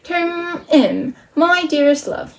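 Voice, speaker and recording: Give me a vain, puffed-up male steward from a storybook, speaking in a jokey mock British accent, as a woman puts him on. The voice sits high. He is full of his own importance. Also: expressive, slow, recorded from a distance, full character voice. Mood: pompous. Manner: put-on British voice for laughs. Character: pompous adult male steward, vain, smitten.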